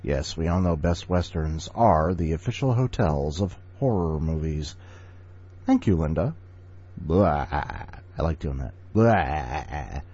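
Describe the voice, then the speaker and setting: A man's voice: extremely low pitch, expressive, a little slow, dark tone, husky, dull audio. A man hosting a podcast in a jokey, casual way, full of silly asides. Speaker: podcast host. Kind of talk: playful casual chat.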